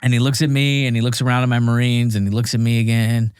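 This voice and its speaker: A Marine veteran in his thirties, appearing as a podcast guest, relates a war story with jokes, self-mockery and animated impressions of those involved. His medium-pitched voice moves at a quick pace, clear and resonant, on a dry, clean studio recording.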